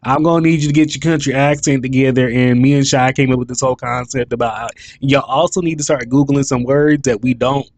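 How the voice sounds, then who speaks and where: Casual male podcast host, mid-pitched, loose and jokey, dry close mic. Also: steady tone, fairly quick, hardly any pauses, dry recording. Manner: laughs often, loose and joking.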